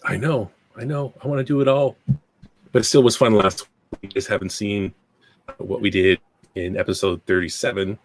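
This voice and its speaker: A man's voice: fairly low pitch, steady tone, moderate pace. A middle-aged Canadian man hosting a podcast, chatting in a rambling, self-deprecating way while getting over a cold. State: recovering from a cold. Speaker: podcast host. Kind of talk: casual podcast chat.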